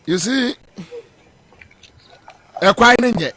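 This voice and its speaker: A man's voice: high-pitched, expressive, moderate pace, long pauses, fairly bright tone, no room sound. A man with a Ghanaian accent, hosting a talk show and commenting on viral videos, switching between Twi and English.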